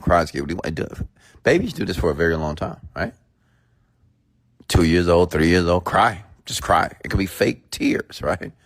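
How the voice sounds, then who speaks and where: A man's voice: low-pitched, no room sound, clean studio sound. A man giving an emphatic motivational rant full of rhetorical questions. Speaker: motivational speaker.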